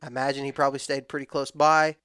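A man in his thirties telling a long hunting story in a relaxed, rambling way with frequent restarts. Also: medium pitch, fast talker, smooth, no echo, clean studio sound. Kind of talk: casual storytelling chat.

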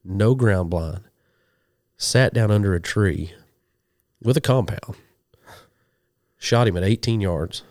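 Brief: very low-voiced Oklahoma man, hunting guest, lively anecdotes, dry close mic. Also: takes it slowly, pauses often, dry recording. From western Oklahoma. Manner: animated storyteller, quotes people in dialogue. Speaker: guest, hunting show host. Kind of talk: casual storytelling interview.

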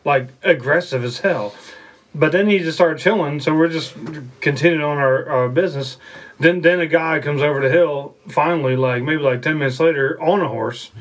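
A man's voice: on the high side, a bit bright. A man telling a story on a podcast in a rambling, profane way, laughing often. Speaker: podcast co-host. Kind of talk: casual storytelling.

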